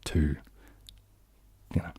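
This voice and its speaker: A man's voice: slow pace, mellow, dry recording. A young man from New Zealand with a New Zealand accent that leans southern English, chatting casually on a live stream, rambling and self-deprecating with many ums and restarts. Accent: New Zealand, leaning southern English. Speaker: ASMR streamer hosting a live chat.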